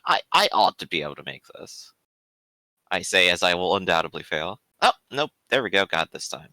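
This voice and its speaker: A man's voice: low-pitched, very animated, a little fast, sharp tone, no room sound. A man playing a tabletop role-playing game, chatting and describing his character's actions. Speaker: player. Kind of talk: tabletop role-play chat.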